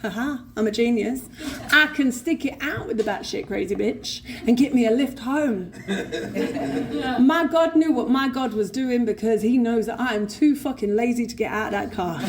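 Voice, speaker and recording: A woman with a slightly high voice and a London accent gives a live recovery share in a convention hall full of people, swearing freely and acting out the other voices in her tale. The background is noisy.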